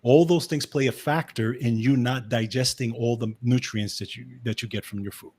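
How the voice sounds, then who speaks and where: A man's voice: medium pitch, steady tone, moderate pace, a little mellow. Brooklyn-accented man giving health advice. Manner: explanatory, with frequent "okay" and restarts. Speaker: health and wellness specialist. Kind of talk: casual advice chat.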